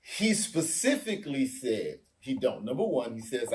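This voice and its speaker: Animated man telling stories in casual chat. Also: fairly high pitch, a little slow. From Africa. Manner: animated storyteller, acts out quoted voices. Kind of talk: casual discussion.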